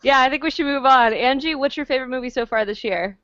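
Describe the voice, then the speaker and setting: A woman's voice: sits high, quick pace, fairly bright tone, dry recording. A woman co-hosting a film podcast, chatting casually in a playful, wry way. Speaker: podcast co-host, film critic. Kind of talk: casual chat. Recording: dry, muffled lo-fi podcast audio.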